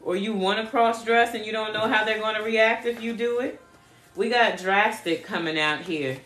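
In an echoey room with soft background music, a woman with a medium-pitched, slightly bright voice speaks at a moderate pace. She's a spiritual card reader doing a laid-back live card reading, cursing freely, laughing often and chatting with viewers.

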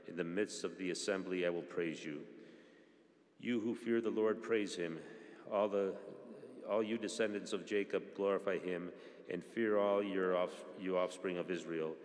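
Deep flat-voiced man reading psalms in church. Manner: steady reading with small slips and restarts. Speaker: church reader. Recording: long church reverb.

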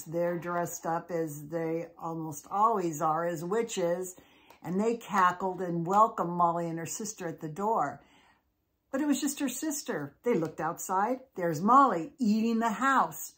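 Animated woman storyteller. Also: on the low side. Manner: animated, conversational. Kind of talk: telling an original story.

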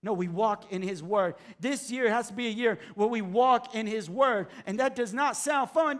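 A male pastor preaching a sermon, acting out the voices of doubters, then dropping to hushed emphasis. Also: sits high, moderate pace, hardly any pauses.

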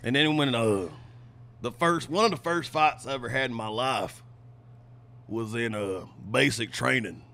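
A man, a podcast guest, telling stories in a relaxed, laughing chat. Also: mid-range voice, unhurried, creaky. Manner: laughing storyteller, animated. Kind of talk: casual chat.

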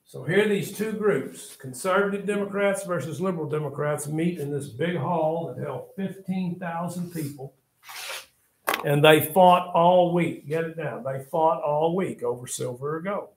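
A man teaching a history class, telling the story with lively asides and reminders to take notes. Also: fairly high pitch, measured pace. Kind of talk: classroom lecture. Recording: echoey classroom.

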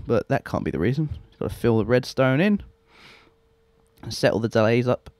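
A man's voice: medium pitch, animated, fairly quick, darkish tone, dry recording. A young man giving rambling, self-mocking gameplay commentary and swearing freely. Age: young adult. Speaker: let's play host.

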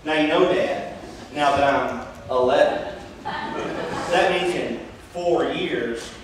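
A man voicing his eleven-year-old daughter in a low, deadpan teasing tone. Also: slow pace. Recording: echoey church hall, distant mic, noise.

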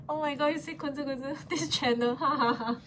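A woman's voice: high-pitched, steady tone, moderate pace, fairly bright tone. A woman co-hosting a live sale, chatting casually and laughing often. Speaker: live-stream co-host.

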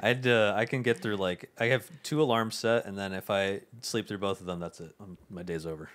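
A young man co-hosts a podcast and chats in a casual, dry way. He speaks fast and his voice sits fairly low. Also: fairly even intonation, fairly bright tone. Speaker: podcast co-host. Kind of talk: casual chat.

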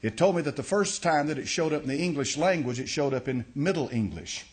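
Folksy pastor teaching a sermon. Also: male voice, on the high side, animated, fairly quick, a little mellow. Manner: folksy, explains step by step, many restarts and uh.

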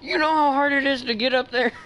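A man's voice: extremely high pitch, fairly even intonation, quick pace, bright, forceful tone, a little hiss or hum, poor audio. A man hosting a casual gaming chat, teasing his friend and laughing constantly. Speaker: channel host.

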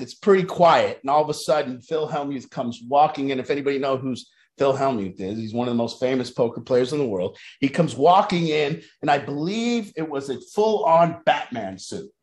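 Blunt, profane man giving a recovery talk. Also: on the high side. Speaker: recovery program leader. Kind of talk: motivational talk.

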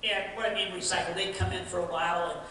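A man's voice: high voice, flat delivery, quick pace, pushed and bright. A male pastor preaching a sermon earnestly, with repeated phrases and rising emphasis. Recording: echoey hall from far off, faint noise.

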